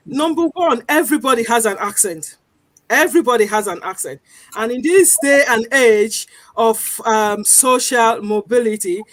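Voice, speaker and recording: A woman with a high voice speaks as a guest on a television discussion. She explains earnestly and drives her points home by repeating them. The sound is close and dry. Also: fairly bright tone, no room sound. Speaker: guest campaigner.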